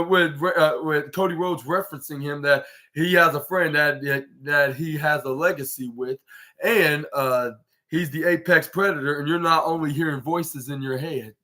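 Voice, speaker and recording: A man with a bright, slightly high voice talks through a wrestling show recap. He rambles, fills every pause with "like" and restarts his sentences, and slips into quoting the wrestlers as he goes. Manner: rambling, heavy use of "like" and restarts, acts out quotes. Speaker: podcast host.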